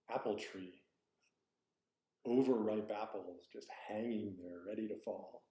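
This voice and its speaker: A man's voice: lowish voice, measured pace, mellow. A man giving a dharma talk as a Zen teacher, reflective and searching, often correcting himself aloud. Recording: roomy echo.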